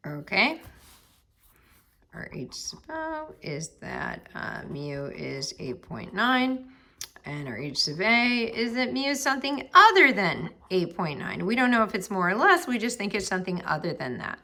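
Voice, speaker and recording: In a recorded statistics lesson, a woman reads numbers aloud and talks herself through each step, murmuring some under her breath while staying chatty and upbeat with her students. Her voice is medium-pitched, sing-song, pushed and bright, at a measured pace.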